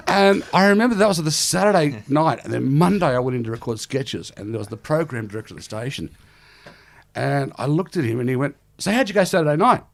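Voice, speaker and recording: Lively middle-aged Australian man. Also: medium pitch, a little fast, creaky. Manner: animated storyteller, laughs often, self-deprecating. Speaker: guest comedian. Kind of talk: casual podcast chat.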